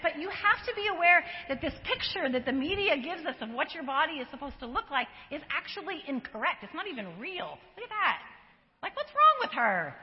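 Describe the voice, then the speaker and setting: A high, lively woman's voice speaks to a live audience in a big hall. She talks like a counselor, chatty and animated, often slipping into quoted remarks with quick asides to the crowd. The sound is dull and lo-fi and carries a long reverb. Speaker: counselor giving a talk. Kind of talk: conversational lecture to a live audience.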